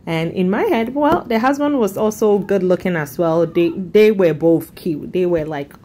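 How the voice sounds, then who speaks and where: A woman, from Africa, chatting casually and telling an animated story while doing her makeup on camera. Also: fairly low pitch, moderate pace, a little hiss or hum. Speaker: makeup vlogger.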